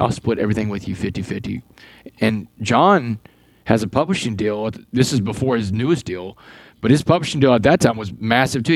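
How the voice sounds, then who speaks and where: A man in his forties talks at a rapid clip, spinning a story with plenty of drive and doubling back on words. The sound is close and dry, with no room around it. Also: medium pitch, no room sound, poor audio. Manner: animated storyteller, repeats words as he goes. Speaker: guest. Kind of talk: storytelling interview.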